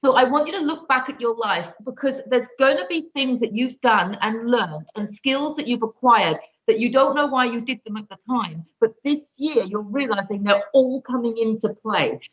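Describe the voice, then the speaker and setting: An earnest woman giving card readings on a live show, pleading and reassuring as she speaks. Her voice sits fairly high. The audio comes through dull and a little lo-fi. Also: animated, normal speed, few pauses, fairly bright tone. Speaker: card reader guest.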